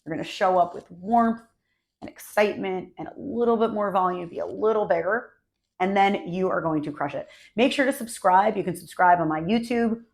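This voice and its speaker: A woman's voice: medium pitch, moderate pace. A married woman giving marketing and speaking tips straight to camera, upbeat and conversational in short punchy phrases. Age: adult, married. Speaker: marketing coach. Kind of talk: direct-to-camera tips video.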